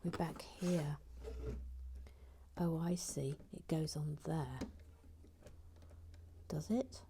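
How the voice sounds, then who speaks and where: A woman hosting a live building stream, chatting casually in a soft, often half-whispered voice as she reads out viewer comments. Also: low voice, fairly even intonation, extremely slow, slight background noise.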